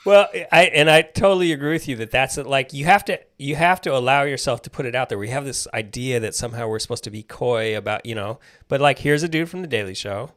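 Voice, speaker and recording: A man co-hosting a podcast in casual chat, animated, often acting out quoted exchanges and laughing. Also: mid-range voice, fast, few pauses. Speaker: podcast co-host.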